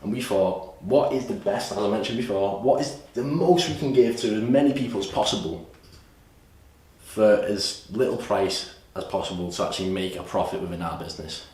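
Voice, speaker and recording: A man giving an energetic, salesy course pitch at a whiteboard, often repeating himself. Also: moderate pace. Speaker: course presenter. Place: room with a whiteboard. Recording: echoey room, distant mic, faint hiss.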